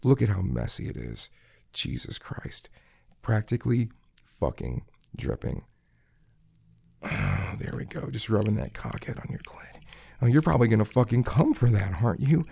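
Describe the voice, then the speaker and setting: A man playing a gravelly, domineering kitchen coworker. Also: lowish voice, a little mellow, dry recording, exaggerated voice. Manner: taunting, sneering, commanding. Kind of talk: adult audio role-play.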